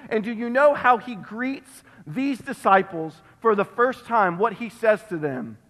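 A male pastor delivering an emphatic sermon, repeating phrases and dropping to a hush on key words, recorded in a church sanctuary. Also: high-pitched, expressive, a little slow. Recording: long reverb of a church hall.

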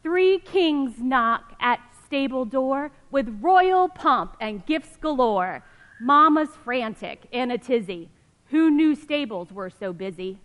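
A woman reading a children's picture book aloud to a church congregation, in a gentle, sing-song storybook manner. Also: high voice, animated, slow pace. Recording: long reverb of a church hall.

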